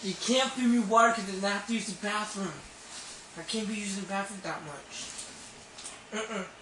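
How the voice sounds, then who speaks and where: A woman's voice: medium pitch, moderate pace, background noise, close to an everyday voice. A woman playing a stubborn, giggly baby who talks plainly and defiantly, recorded far from the mic in an echoey room.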